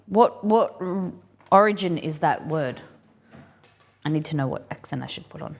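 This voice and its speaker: A woman with a slightly low voice runs a relaxed live cooking demonstration from her kitchen. She chats freely, thinks out loud and drifts into asides mid-sentence. A faint noise sits under the recording. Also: moderate pace. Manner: chatty, thinks aloud, rambling asides. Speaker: cooking stream host.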